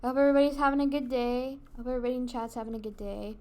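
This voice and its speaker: A woman's voice: a little high, fairly even intonation, racing, a little mellow. A woman streaming a video game, chatting casually with her viewers in a giggly, rambling way. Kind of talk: casual gaming livestream chat.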